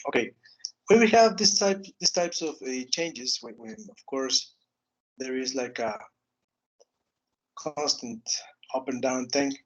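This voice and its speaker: Halting teacher, tags "no?". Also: male voice, mid-range voice, low-quality recording. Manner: halting, repeats words, frequent "okay" and "no?" tags. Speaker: English teacher. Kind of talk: online grammar lesson.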